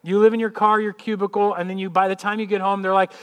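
A man's voice: high voice, fairly even intonation, fairly quick, few pauses, smooth. A middle-aged man preaching a sermon, conversational and full of rhetorical questions and calls of amen. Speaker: pastor.

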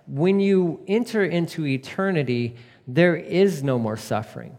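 A man preaches in a relaxed, conversational way, building to emphatic points and then dropping to a soft hush. His voice sits a touch high for a man and rings out in a hall with a long reverb. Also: unhurried. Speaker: pastor. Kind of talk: sermon.

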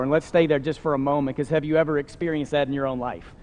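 A male pastor delivers a sermon in a high voice with an earnest, conversational tone, often dropping in casual fillers. His words ring out with a long reverb, as if he is speaking in a large church hall. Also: fairly even intonation, brisk, a little mellow.

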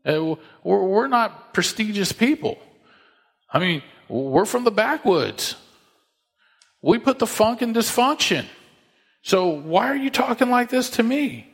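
A man's voice: high-pitched, animated, moderate pace, hardly any pauses, a bit bright, long reverb tail. A man voicing a humble young man who is bewildered and self-deprecating, in a folksy, incredulous way.

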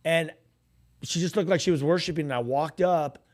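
A man co-hosting a radio show, telling a personal ministry story in casual chat, animated and full of restarts, acting out quoted voices. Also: on the high side, normal speed.

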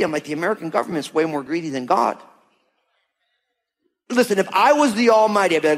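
A man with a notably high voice preaches to his congregation, casual and emphatic, slipping into quoted voices to make his points. His words ring out with a long reverb, as in a large church hall. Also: very animated, quick pace, pauses often. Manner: conversational, emphatic, uses quoted voices for God and listeners. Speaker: pastor. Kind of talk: sermon.

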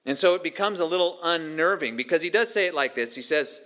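Bright-voiced, earnest preaching man. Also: fairly high pitch, fast talker, few pauses. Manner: earnest, emphatic preaching with repeated phrases. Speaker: pastor. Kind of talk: sermon.

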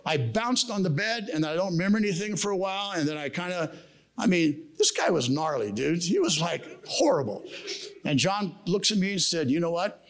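A man's voice: high-pitched, moderate pace. Casual storytelling man preaching at a camp. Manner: casual storytelling, slangy, animated quoting. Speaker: camp speaker. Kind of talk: sermon with personal story. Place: camp meeting room.

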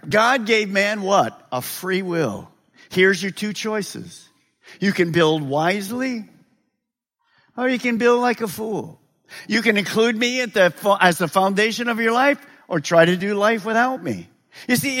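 A male pastor preaching a sermon, animated and joking, asking the congregation rhetorical questions. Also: sits high. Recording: long hall reverb.

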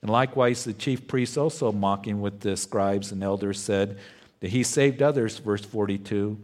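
A man preaching a verse-by-verse sermon as pastor, in a slow and deliberate way. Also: fairly low pitch, darkish tone. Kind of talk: expository sermon.

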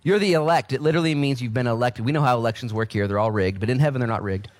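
A man's voice: mid-range voice, rapid-fire. A man in his thirties preaching a sermon as pastor, with joking asides and acted-out voices.

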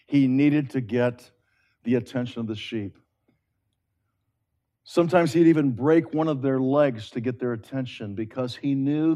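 A man preaching a sermon in an earnest, conversational way, swinging between loud emphatic rises and hushed, drawn-out phrases. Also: mid-range voice, lo-fi sound.

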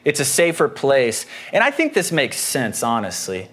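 A man's voice: medium pitch, wildly swooping pitch, moderate pace, fairly bright tone. A man preaching a sermon as pastor in a conversational way, explaining a passage with homely personal anecdotes.

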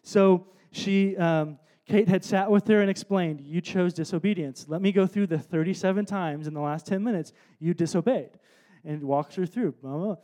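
A man with a high, light voice preaches a sermon from the stage. He tells a story in a relaxed way, drops to quiet asides, then builds to loud emphatic points. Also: normal speed, few pauses. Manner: storytelling, shifts between soft asides and loud emphatic bursts. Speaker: pastor. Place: stage before a congregation.

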